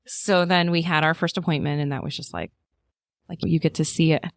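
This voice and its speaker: A woman in her thirties tells her story in a casual chat, her voice sitting low and the sound close and dry. She talks in a loose, animated way, full of fillers. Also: brisk, vocal fry, no echo. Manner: animated storyteller, acts out quotes in a high voice, many fillers. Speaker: podcast guest.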